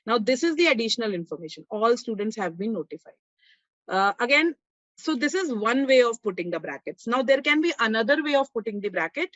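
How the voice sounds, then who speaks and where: A woman's voice: high-pitched, fairly bright tone, no room sound. A woman teaching an online class, explaining step by step and checking in with her students. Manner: frequent fillers and restarts. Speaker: online course instructor. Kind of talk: live online grammar lesson. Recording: dull lo-fi online class audio.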